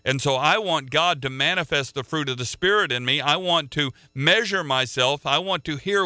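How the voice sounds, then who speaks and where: A man preaches with earnest conviction and often doubles back on his words mid-thought. His voice is strikingly bright and smooth. The sound is dry and close, with no room around it. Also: on the high side, moderate pace, few pauses, dry recording. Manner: earnest, repeats words as he restarts. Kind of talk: sermon.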